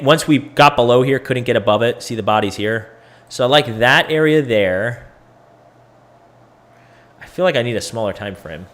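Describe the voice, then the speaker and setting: A man's voice: on the low side, fairly bright tone. Tired, casual man walking through charts. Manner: loose, profane, thinking aloud. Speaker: crypto educator and host. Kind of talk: casual chart analysis video.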